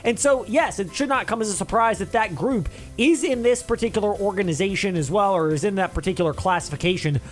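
A man's voice: high-pitched, fairly quick, hardly any pauses, faint music behind. A man hosting a sports talk show, chatting casually with rambling asides. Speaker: sports talk radio host.

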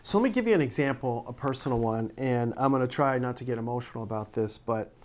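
A man's voice: medium pitch, fast. A middle-aged man, a pastor preaching a sermon, telling personal stories in an earnest, emotional way with frequent restarts.

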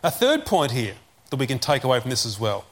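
A man preaching a sermon, repeating key phrases and slowing down to stress commands. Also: medium pitch, huge pitch swings, a bit bright.

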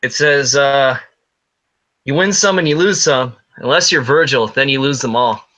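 A man's voice: medium pitch, moderate pace, pushed and bright. A man co-hosting a wrestling podcast, chatting casually with crude, profane jokes. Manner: crude, joking, profane banter. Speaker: podcast co-host. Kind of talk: casual chat.

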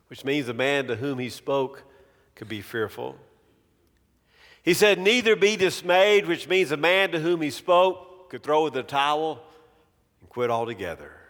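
A man preaching a sermon in a slow, measured way, letting phrase ends fall away softly. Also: mid-range voice. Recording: long reverb of a large hall.

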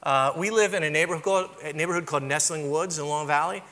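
A middle-aged pastor preaching with a high, bright, ringing voice, carried by the long reverb of a large hall. He tells stories about himself in a loose, conversational way and keeps checking in with listeners. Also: quick pace. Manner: conversational, self-deprecating storytelling with frequent "right?" asides. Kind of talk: sermon with humorous stories.

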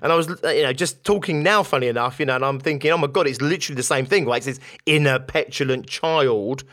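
A man hosting a podcast, telling an animated story off the cuff and tagging his sentences with a questioning "right?". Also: mid-range voice, quick pace. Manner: animated, tags lines with "right?", swears casually. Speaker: podcast host. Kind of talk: casual storytelling monologue.

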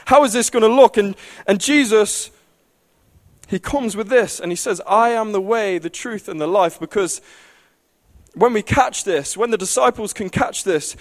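A man preaching a sermon with passion, building to loud pleading climaxes. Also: high voice, unhurried.

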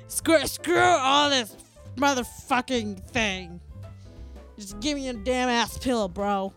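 A woman's voice: fairly high pitch, lively intonation, takes it slowly, pauses often, a bit bright, faint music behind. A young woman co-hosting a podcast, laughing often and swearing casually in loose chat. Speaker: podcast co-host.

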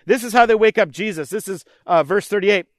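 Male pastor, high light voice, earnest repetitive sermon delivery, dry recording. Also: brisk, no room sound. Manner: earnest, repetitive preaching cadence, voicing pleading prayers.

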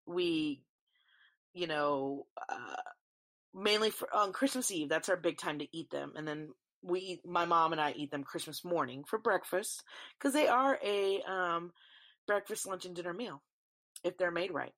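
A woman's voice: fairly low pitch, a bit bright. A young woman, chatting casually on her podcast, rambling and swearing freely. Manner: rambling, swears freely, talks to listeners as y'all. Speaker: podcast host. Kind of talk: casual solo chat.

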